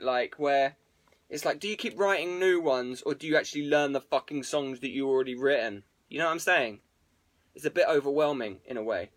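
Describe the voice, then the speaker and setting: A man's voice: a little high, fairly bright tone. A man streaming to viewers as a musician, rambling casually with plenty of swearing and jokes. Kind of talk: casual livestream chat.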